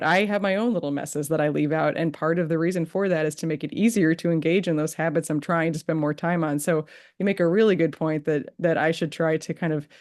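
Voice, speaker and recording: A woman hosting a podcast, chatting casually and telling a lively story with laughs. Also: low voice. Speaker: podcast host. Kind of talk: casual interview chat.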